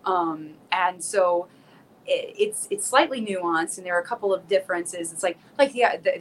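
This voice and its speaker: A woman's voice: on the low side, expressive, moderate pace, a little hiss or hum, rough recording. A woman singer and vocal coach chatting as a podcast guest, rambling through her explanations with frequent restarts and easy laughter. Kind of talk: casual interview chat.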